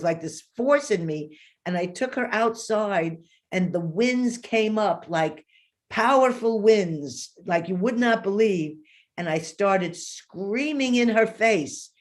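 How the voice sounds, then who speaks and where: A woman in her fifties, with a mid-range voice, is a guest in an interview. She relates a long personal story animatedly, acting out the voices she quotes.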